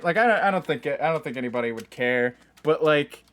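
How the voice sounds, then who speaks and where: A man's voice: a little high, lively intonation, a little fast, a bit bright. A man streaming a game live, talking casually and joking at himself with frequent laughs, keyboard typing behind him. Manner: chatty, self-mocking, laughs often.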